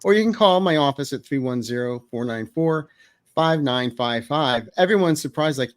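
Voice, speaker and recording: A man's voice: medium pitch, expressive, normal speed, dry recording. A man, a psychic co-hosting a show, chatting casually and telling jokes. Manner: chatty, joking storyteller. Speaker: psychic, co-host. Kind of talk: casual chat.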